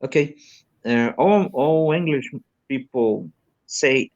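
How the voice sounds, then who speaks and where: A man's voice: medium pitch, measured pace, highs cut off. A man from Brazil with a Brazilian Portuguese accent, a native Portuguese speaker, asking questions in an English lesson and hesitantly searching for words. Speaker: English learner. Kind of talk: student in an online lesson.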